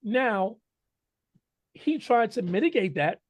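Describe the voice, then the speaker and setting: A man's voice: high-pitched, animated, takes it slowly. A man co-hosting a talk radio discussion, lecturing and building his points with figures.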